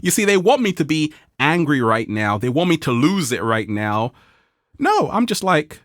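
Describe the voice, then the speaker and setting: A vlog host delivers a motivational video to his viewers, playful and animated, laughing often and acting out quoted people in a high voice. He speaks at a moderate pace, and the studio recording is clean and dry.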